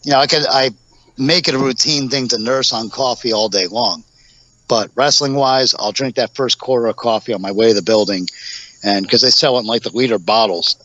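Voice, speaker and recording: A man in his forties rambles through stories in a casual podcast interview, slipping into the voices of the people he quotes. His voice sits at an ordinary pitch. The recording is dull and lo-fi. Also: brisk, fairly bright tone, dry recording. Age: 40s. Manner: rambling storyteller, acts out quotes with laughs. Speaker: guest, professional wrestler.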